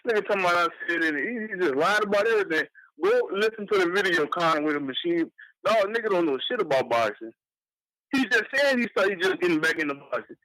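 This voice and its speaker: A man calling in to a show, ranting in an animated, profane way. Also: high voice, fast talker, no echo, low-quality recording. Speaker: caller. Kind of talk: casual call-in rant.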